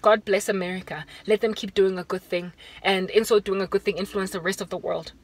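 A South African woman giving a fervent, preaching vlog monologue from inside a car, moving between urgent raised warnings and hushed appeals. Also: mid-range voice, fairly even intonation, brisk. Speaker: Christian vlogger.

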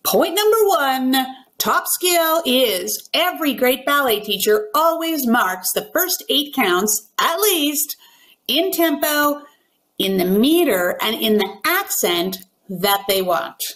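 A woman with a high, animated voice coaches ballet teachers in an instructional video. Her delivery is emphatic and carefully enunciated, and she speaks as a working ballet pianist. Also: slow.

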